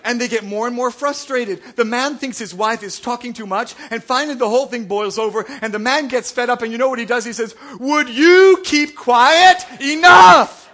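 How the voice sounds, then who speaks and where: A man's voice: very high voice, fast talker, hardly any pauses, fairly bright tone. A man preaching a sermon, telling jokes and stories to his congregation. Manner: joking, storytelling preacher. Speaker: pastor.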